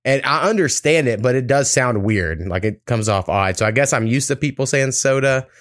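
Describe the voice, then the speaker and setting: Laid-back swearing podcast host. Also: male voice, mid-range voice, animated, moderate pace, a bit bright, dry recording, studio quality. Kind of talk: casual podcast chat.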